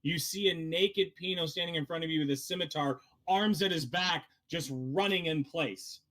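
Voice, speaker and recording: A man narrating a tabletop game as game master, halting often with ums and likes as he describes scenes. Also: a little high, fairly bright tone.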